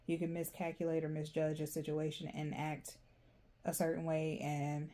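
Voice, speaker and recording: A woman giving a casual, rambling tarot reading, chatty and quick to laugh. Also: sits low, completely flat delivery, warm tone. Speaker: tarot reader.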